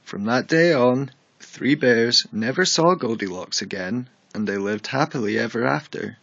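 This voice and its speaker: A man's voice: mid-range voice, moderate pace, vocal fry, fairly bright tone, dry recording, muffled recording. Man reading a bedtime story.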